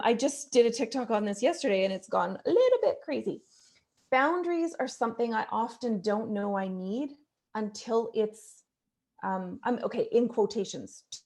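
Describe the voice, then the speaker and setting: A woman in her forties, a relationship specialist, talking as an interview guest in an expressive, animated way. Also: medium pitch. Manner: expressive, animated, quick to act out inner dialogue. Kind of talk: casual interview chat.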